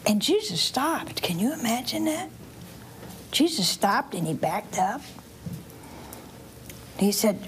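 A woman preacher with a drawl tells a Bible story to children and families in a church. She keeps asking the listeners questions and acts out the voices. Her voice is fairly high and swoops up and down in a lively way. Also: takes it slowly, pauses often, a little hiss or hum. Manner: animated, asks the audience questions, acts out voices.

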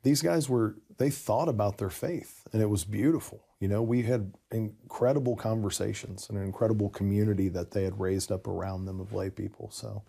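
A man telling the story of his conversion in a casual conversation, animated and laughing often. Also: on the low side, fairly quick, gravelly, few pauses, breathy edge.

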